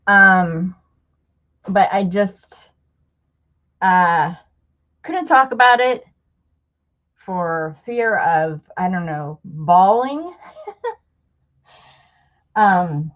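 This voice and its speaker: A middle-aged woman hosting a casual livestream chat with viewers, speaking in a heartfelt, halting way, on the edge of tears. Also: mid-range voice. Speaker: livestream host. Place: home room with a table of craft supplies. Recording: dull lo-fi livestream audio.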